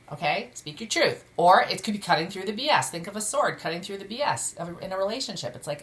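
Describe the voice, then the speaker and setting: A middle-aged woman talks through a tarot spread in a casual, blunt way, often breaking off to exclaim at the cards. Her voice sits a little low for a woman but sounds bright and forceful. She is recording at home in the middle of a move. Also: lively intonation, fast, hardly any pauses. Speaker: tarot reader. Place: home room during a move.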